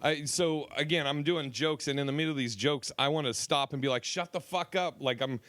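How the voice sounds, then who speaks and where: A man's voice: medium pitch, fairly even intonation, fairly quick, a bit bright, no echo. A man hosting a comedy podcast, telling a club story in a rambling, profane way with many restarts. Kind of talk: casual storytelling chat.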